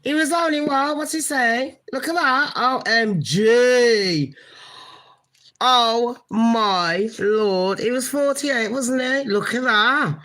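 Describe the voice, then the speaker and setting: A woman's voice: high-pitched, takes it slowly, few pauses, bright, forceful tone, rough recording. A woman hosting a casual gossip live stream, chatting with viewers and swearing now and then. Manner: chatty, swears, talks to viewers as honey pot. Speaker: gossip channel host.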